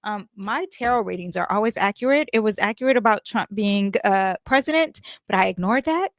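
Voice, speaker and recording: A woman giving a casual astrology and tarot reading, chatty and animated, with many fillers and asides. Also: mid-range voice, brisk, no room sound, clean studio sound.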